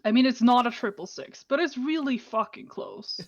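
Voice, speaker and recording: A woman's voice: on the high side, lively intonation, normal speed, no room sound. Blunt, swearing woman on a dull mic. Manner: blunt and swearing, working out numbers aloud. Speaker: player. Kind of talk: casual tabletop play.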